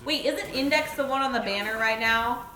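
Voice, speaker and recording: A young woman streaming a game, chatting in an excitable, rambling way with lots of fillers. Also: fairly high pitch, moderate pace, slight background noise. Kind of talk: casual live-stream chat. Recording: roomy echo with faint music.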